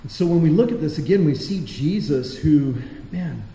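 In a church hall with roomy echo and faint noise, a pastor preaches a conversational sermon, asking his listeners rhetorical questions. His voice is on the high side, warm and animated, at normal speed.

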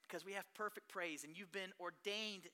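A pastor preaching a sermon, telling stories in an animated way that swings between hushed and loud. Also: mid-range voice, moderate pace.

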